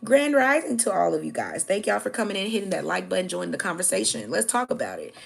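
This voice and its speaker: A woman's voice: medium pitch, big pitch swings, fast talker, vocal fry, husky. An American woman hosting a livestream, bluntly and profanely answering her chat and pressing her point with repeated "okay?"s. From United States. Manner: addresses viewers directly, repeating "okay?". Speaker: livestream host.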